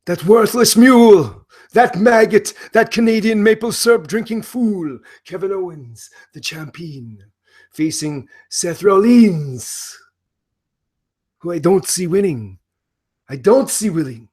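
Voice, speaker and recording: A man doing a comedic impression of an eccentric, grandiose male wrestler persona that swings between bombastic proclamations and hushed whispers. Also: high-pitched, lively intonation, takes it slowly, voice pushed up, heavily acted. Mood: scornful.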